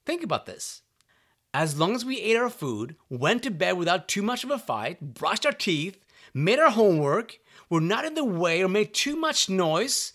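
Male motivational speaker, slightly high voice with a very animated melody, earnest and direct, keeps asking if you're with him. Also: moderate pace. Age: adult parent. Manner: earnest, keeps checking in with the listener with "right?" and direct questions. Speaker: self-help speaker. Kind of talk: motivational monologue.

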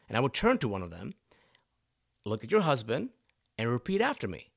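Emphatic motivational man, lively pitch. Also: quick pace, creaky, dry recording, studio quality. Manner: emphatic, punchy, with frequent "right?" tags. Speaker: motivational speaker and coach. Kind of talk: motivational talk to camera.

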